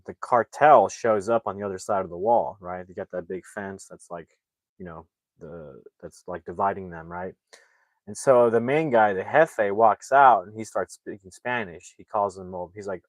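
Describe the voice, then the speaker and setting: A man's voice: fairly low pitch, normal speed, no room sound. A man casually retelling a movie's plot as a reviewer, rambling with lots of fillers and restarts.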